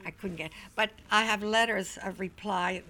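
An older woman, an interview guest, recounting memories in a reflective, halting way. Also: mid-range voice, steady tone, sharp tone, a little hiss or hum. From Wilmington, Delaware, US. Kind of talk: oral history recollection.

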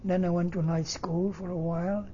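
An older man from Northern Italy, native Italian, speaking English with an Italian accent and halting, broken phrasing, telling his life story in an interview. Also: sits high, little pitch movement, warm tone, muffled recording, a little hiss or hum. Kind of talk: oral history interview.

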